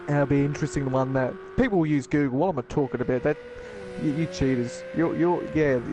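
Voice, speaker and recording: Man, co-commentator, slightly high voice, hesitant, casual, steady background noise. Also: fast. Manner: casual, hesitant, full of fillers. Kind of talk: sim racing commentary.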